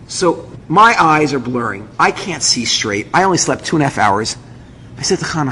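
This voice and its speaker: A man's voice: a little high, fast. A man, a rabbi, telling a personal story to an audience and acting out the voices of everyone in it. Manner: animated, acts out every voice. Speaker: rabbi and speaker. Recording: long hall reverb, faint noise.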